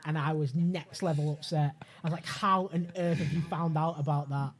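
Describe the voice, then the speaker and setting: A man co-hosting a podcast, telling a story in a hesitant, halting way. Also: on the high side, steady tone. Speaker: podcast co-host. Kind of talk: casual chat.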